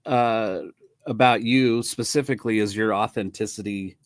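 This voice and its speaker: A man's voice: lowish voice, fairly even intonation, normal speed, no room sound, clean studio sound. A man hosting a podcast as a drummer, chatting casually and enthusiastically with a guest and laughing easily. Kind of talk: casual interview chat.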